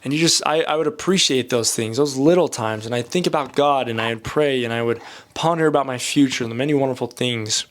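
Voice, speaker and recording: A man's voice: mid-range voice, brisk. A young man with a slightly nasal voice from a cold, talking casually and candidly while drawing, rambling and joking at his own expense. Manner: candid, rambling, self-deprecating. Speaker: art channel host.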